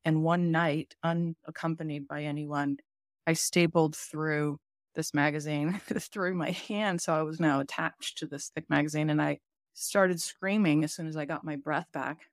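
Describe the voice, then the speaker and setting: A woman's voice: deep voice, fairly even intonation, unhurried, no room sound, studio quality. A woman on a podcast telling a candid story from her childhood in a loose, casual way, with some mild swearing.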